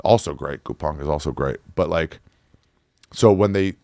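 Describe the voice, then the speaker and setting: Deep-voiced man telling travel stories. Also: normal speed, no echo, studio quality. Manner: animated storyteller who swears and acts out other people's lines. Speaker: podcast guest, touring comedian. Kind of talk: casual chat, storytelling.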